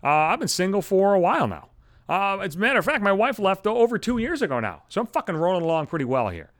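A man's voice: high-pitched, very animated, fast talker, a bit bright, no room sound, studio quality. A man hosting a podcast, ranting alone at home into a microphone, blunt and swearing constantly. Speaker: podcast host. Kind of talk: solo profane rant. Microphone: studio microphone.

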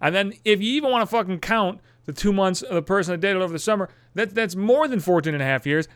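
A man's voice: high voice, expressive, fast, a bit bright, clean tone, dry recording. Profane ranting man in his thirties. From Buffalo area, USA. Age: 30s. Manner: profane, exasperated, sarcastic ranting. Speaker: podcast host. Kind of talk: casual comedic monologue.

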